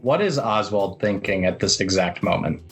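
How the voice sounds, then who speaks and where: A man running a tabletop role-play game as game master, calling for rolls in a calm, measured way. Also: low voice, music in the background.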